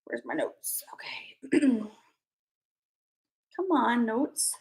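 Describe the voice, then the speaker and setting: A young woman hosting a casual livestream, bubbly and excitable, chatting to her viewers. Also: fairly high pitch, drawn-out words, creaky. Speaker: livestream host.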